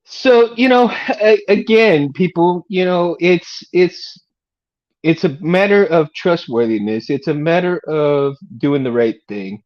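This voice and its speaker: Slow-paced but with lively intonation, a middle-aged livestream host from Texas talks in a slightly high voice over dull audio. It's a casual, laid-back ramble, punctuated by laughter and plenty of "man" and "dude."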